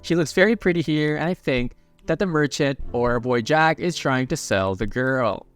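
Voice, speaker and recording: A man's voice: medium pitch, lively intonation, moderate pace, faint music behind. A man narrating a comic recap in a casual, offhand way, reading the characters' quotes in his own voice.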